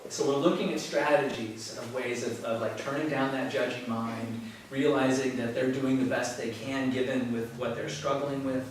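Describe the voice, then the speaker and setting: A man giving a relaxed, conversational spiritual talk to a yoga class, telling stories and chuckling often. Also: mid-range voice, normal speed, few pauses. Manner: conversational, storytelling with frequent chuckles. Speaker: teacher. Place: yoga studio. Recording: very echoey room from far off, faint noise.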